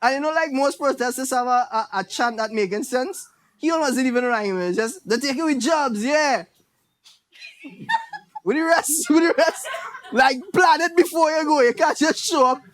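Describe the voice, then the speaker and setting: A man's voice: extremely high pitch, moderate pace, slight background noise. A man with a Trinidadian accent performing a stand-up comedy set, telling stories and mimicking his relatives. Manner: animated storytelling with impressions of relatives.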